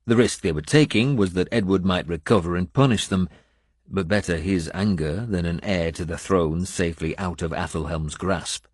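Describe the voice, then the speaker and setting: A man reading a first-person adventure story aloud in a measured storytelling manner. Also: low-pitched, slightly rough, no room sound, clean studio sound. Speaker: audiobook narrator. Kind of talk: first-person scripted narration.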